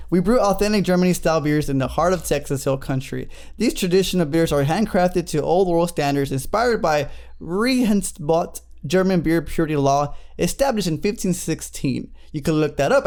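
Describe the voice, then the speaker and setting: A man's voice: on the high side, darkish tone, clear, resonant tone. A man hosting a casual beer review show, reading label text aloud with stumbles and chatty asides. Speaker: podcast host.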